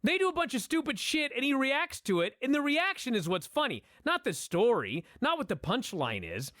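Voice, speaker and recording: A man's voice: very high voice, moderate pace, dry recording, clean studio sound. A man co-hosting a podcast in casual chat, swearing freely and giving blunt opinions. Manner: profane, opinionated, animated. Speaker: podcast co-host. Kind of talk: casual chat, wrestling review.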